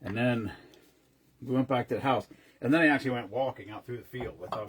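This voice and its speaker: A man's voice: mid-range voice, fairly quick, a little hiss or hum. A man casually chatting on a live stream, rambling between stories and greeting viewers by name as he mixes drinks.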